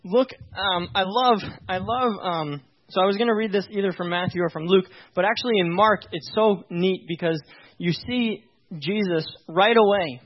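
A man's voice: high-pitched, moderate pace. A man preaching a conversational sermon, informal and emphatic, often checking in with his listeners. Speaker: pastor. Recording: dull lo-fi recording.

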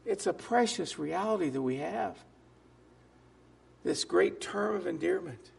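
A man preaching a sermon as a pastor, emphatic, with drops to soft asides. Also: high-pitched, expressive, a little slow, creaky, slightly rough.

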